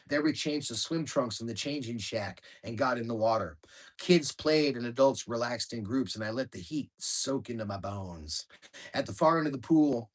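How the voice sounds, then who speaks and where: Man reading his own memoir, calm and measured, matter-of-fact, average pitch. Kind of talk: audiobook memoir narration.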